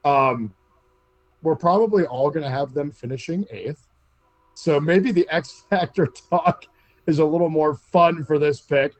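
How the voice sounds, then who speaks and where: A man's voice: a little high, measured pace, no echo. A man hosting a casual sports podcast, steering segments and reading through lists of names. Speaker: podcast host.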